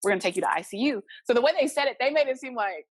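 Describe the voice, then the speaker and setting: Her voice is a little high and rapid-fire, recorded with no room sound. As an interview guest, she animatedly and casually tells a personal story, voicing each person in it.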